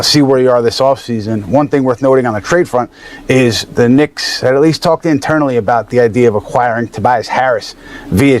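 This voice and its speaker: A man reading out a sports news article in a measured, steady way. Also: mid-range voice.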